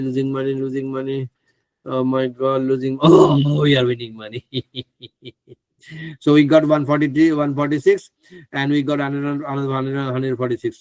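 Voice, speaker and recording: A chatty man runs a live online trading class, exclaiming and laughing as he goes. His voice is close and dry, with no room sound around it. He sits at a middle pitch for a man. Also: a little mellow, dry recording. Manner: stumbles over names, asks others to pronounce them. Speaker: trading course presenter.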